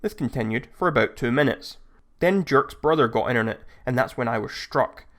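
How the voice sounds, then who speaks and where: A man narrating online stories in a steady, scripted reading style. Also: mid-range voice, fairly quick. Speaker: story narrator.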